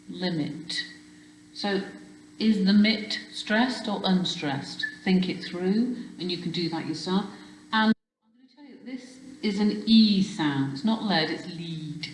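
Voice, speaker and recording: A woman teacher giving a recorded spelling lesson, patient and encouraging, who repeats words to bring out the stress. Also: medium pitch. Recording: echoey room with faint hum.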